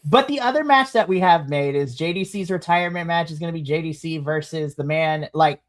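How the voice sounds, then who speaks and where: A podcast co-host reviewing a wrestling show in casual chat, animated, with big swings in pitch and frequent laughs. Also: brisk.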